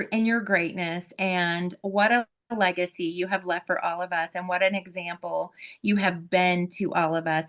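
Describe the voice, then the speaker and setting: A woman's voice: mid-range voice, fairly bright tone. A woman host giving an effusive, heartfelt introduction of a guest, often repeating words as she gets emotional.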